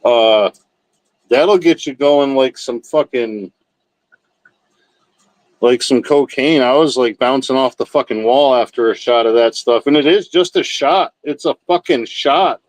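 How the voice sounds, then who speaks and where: A man's voice: mid-range voice, unhurried, no room sound, low-quality recording. Laid-back man swearing casually on a livestream. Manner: rambling, profane, laid-back storytelling. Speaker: livestream host. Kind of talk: casual chat with live chat.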